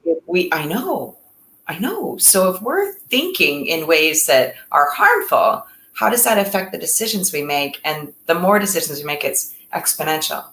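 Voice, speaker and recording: A woman's voice: low-pitched, big pitch swings, moderate pace, a bit bright, echoey room, low-quality recording. A woman co-hosting a casual talk on mental health in a reflective, encouraging way. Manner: reflective, encouraging, speaks in lists. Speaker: co-host.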